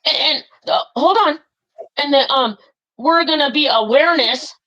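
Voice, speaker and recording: High, bright-voiced woman ranting angrily. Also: moderate pace, muffled recording. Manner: furious, swearing, rambling with many fillers. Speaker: caller. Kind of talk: angry live-stream call.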